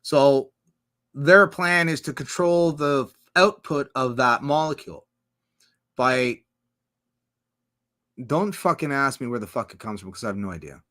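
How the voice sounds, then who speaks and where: A man's voice: mid-range voice, lively intonation, measured pace, long pauses, sharp tone. A man hosting a casual livestream, reading out chat comments and riffing on them in a rambling, profane way.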